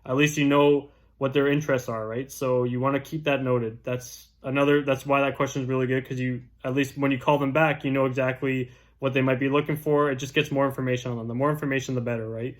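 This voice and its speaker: A man's voice: medium pitch, little pitch movement, fast. A young man casually teaching door-knocking scripts as a real estate agent, tagging his points with "right?". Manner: chatty, keeps asking "right?". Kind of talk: casual instructional talk.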